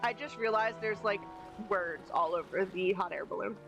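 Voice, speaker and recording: A woman's voice: mid-range voice, moderate pace, vocal fry, music in the background, low-quality recording. A woman live-streaming a game from a home setup, chatting casually with playful, self-deprecating asides.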